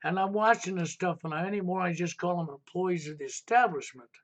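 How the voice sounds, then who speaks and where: A man's voice: high-pitched, a little fast. A man hosting a live stream, ranting insistently and repeating rhetorical questions. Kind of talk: heated political talk stream.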